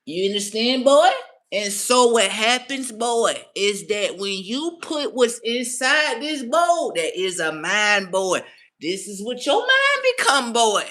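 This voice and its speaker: Man doing a slow, preachy mystic man. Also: extremely high pitch, very animated, pushed and bright, pitched above the performer's own voice, full character voice. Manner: preachy, repeats "boy". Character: slow-talking mystic man lecturing a boy.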